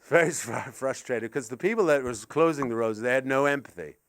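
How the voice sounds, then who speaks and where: An older stand-up performs a sweary, absurd, meandering routine at a gallery gig, moving from muttering asides to shouting rants. The recording is dry, and he speaks a bit fast in a medium pitch.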